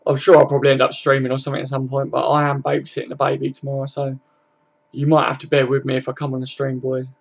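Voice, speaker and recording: A man's voice: mid-range voice, monotone, fast. A man hosting a casual live stream, chatting laid-back with viewers, greeting them by name and swearing freely.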